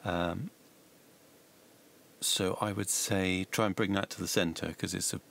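Man, deep voice, gravelly, mastering engineer, casual feedback. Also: a little slow. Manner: relaxed, hedging suggestions.

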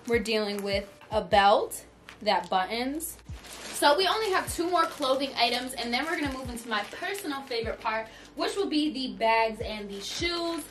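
A woman's voice: a little high, expressive, moderate pace, a bit bright, slight background noise. A young woman vlogging a clothing haul, bubbly and gushing as she talks straight to her viewers. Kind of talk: excited try-on haul chat. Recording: voice a bit far from the mic, music underneath.

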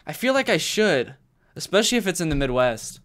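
A man chats casually with his stream audience while he plays, in a slightly high voice that rises and falls a lot. He is easily excited and breaks into loud exclamations. He is recording from a carpeted room at home. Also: a little fast. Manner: excitable, talks to chat, bursts into loud exclamations. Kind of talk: casual live-stream chat while gaming.

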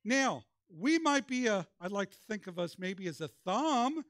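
A man with a strikingly high voice preaches a sermon. He keeps calling on the congregation to respond. The sound is close and dry, with little room around it. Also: sing-song, unhurried, fairly bright tone, no room sound. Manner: preaching with call-and-response prompts. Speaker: pastor. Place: church.

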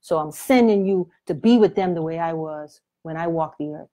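A woman voicing Jesus as a gentle adult man, speaking in an earnest, pleading way. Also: sits low, normal speed, close to an everyday voice. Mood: instructing.

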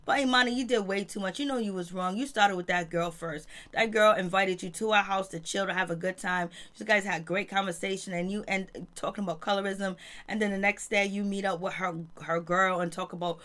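A woman's voice: medium pitch, steady tone, fairly quick, fairly bright tone. A woman casually recapping a reality TV episode in slangy talk, acting out the quotes as she goes. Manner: slangy, retells scenes in quoted voices. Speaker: TV show reviewer.

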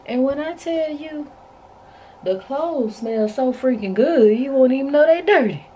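A woman's voice: high voice, expressive, measured pace, warm tone, a little hiss or hum. A woman chatting casually to her viewers in a vlog, talking straight to camera. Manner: subdued and emotional. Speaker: vlogger.

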